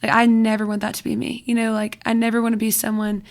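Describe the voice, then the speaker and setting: A woman's voice: a little high, completely flat delivery, fast, creaky. A young adult woman guesting on a podcast, chatting casually and filling her speech with "like" and "you know".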